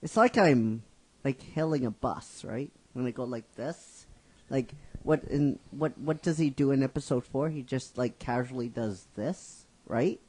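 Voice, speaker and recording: A middle-aged man narrates a fan-written story for his fan script series, rambling casually, restarting often and making asides to listeners. His voice is medium-pitched, dark and slightly rough, and a little slow.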